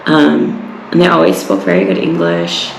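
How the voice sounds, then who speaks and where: A woman's voice: very deep voice, big pitch swings, moderate pace, creaky, roomy sound, slight background noise, low-quality recording. A woman from Utah talking casually while out on a walk, rambling with lots of fillers and restarts. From Utah, USA. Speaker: travel vlogger. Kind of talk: casual walking vlog. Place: outdoors on a walk.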